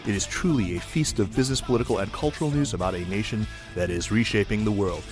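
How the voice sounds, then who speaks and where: A man's voice: lowish voice, fast talker, soft background music. A man hosting a podcast, giving an upbeat, emphatic introduction and chatting with his guests. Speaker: podcast host.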